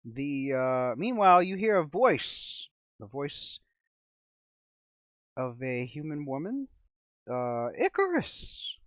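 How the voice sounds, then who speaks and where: Slow, halting male game master. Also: fairly high pitch, very animated, no room sound, muffled recording. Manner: halting, with many fillers. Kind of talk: narrating a tabletop game.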